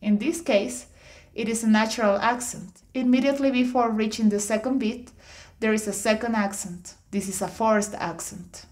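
A woman narrating an instructional audiobook, reading definitions in a measured, explanatory way. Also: fairly high pitch, steady tone, a little mellow. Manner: measured, explanatory reading with slightly awkward phrasing.

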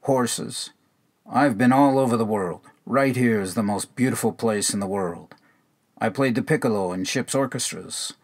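A man's voice: mid-range voice, moderate pace, close to an everyday voice. A man reading as a quavering, bewildered old hermit. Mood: proud. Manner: quavering, proud, sing-song retelling. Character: angry, bewildered old male cabin-dweller. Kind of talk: poetry reading.

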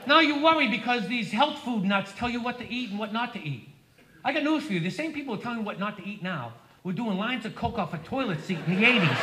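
A man's voice: very high voice, expressive, fast, noisy background. A man doing a profane stand-up routine on a theater stage, acting out both sides of his arguments. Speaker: stand-up comedian. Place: theater stage before a live audience. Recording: live theater with loud audience ambience.

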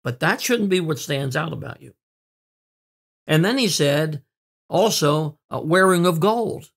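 A man preaching a sermon in an earnest way, with fillers and repeated words, slowing down to stress key words. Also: on the high side, expressive, vocal fry, slightly rough. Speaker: pastor.

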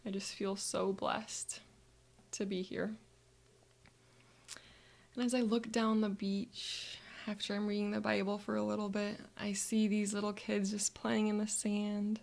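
A woman softly narrates a calm guided visualization in the first person, occasionally dropping into breathy whispers. Her voice is medium in pitch and a little slow.

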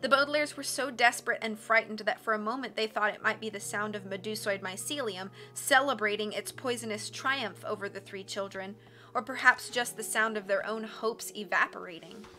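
A woman reading a novel aloud in a measured, expressive storytelling voice. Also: mid-range voice, faint music behind. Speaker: audiobook reader on a stream. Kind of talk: dramatic audiobook narration.

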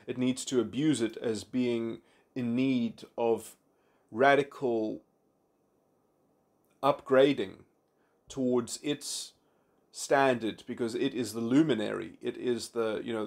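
A man's voice: medium pitch, steady tone, gravelly, a little mellow. A man giving an unscripted philosophical monologue, reflective and abstract, with frequent restarts, repeated words and fillers. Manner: halting, many restarts and fillers. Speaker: philosophy commentator.

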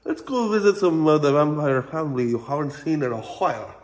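A man's voice: fairly high pitch, expressive, brisk. A man hamming up a cackling fanged vampire lord. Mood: hammy. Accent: put-on vampire accent. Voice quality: theatrical, cackling, hammy. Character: campy fanged male vampire lord, playful. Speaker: wildlife ranch owner. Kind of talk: comedic in-character vlog. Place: outdoors on a ranch.

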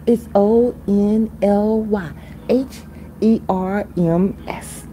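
A woman livestreaming who improvises a freestyle song with drawn-out sing-song repetitions, then chats casually. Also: mid-range voice, fairly even intonation, warm tone, a little hiss or hum, poor audio. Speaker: livestream host.

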